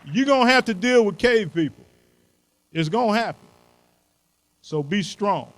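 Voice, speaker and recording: A man's voice: high voice, animated, unhurried, rough recording. Emphatic older man giving a keynote. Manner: folksy, emphatic, preacherly; punchy short maxims. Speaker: keynote speaker. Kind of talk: motivational speech.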